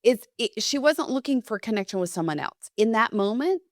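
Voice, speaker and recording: A woman's voice: fairly high pitch, animated, brisk, no room sound, studio quality. Candid woman host telling a story. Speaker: podcast host and fitness instructor. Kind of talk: conversational podcast talk.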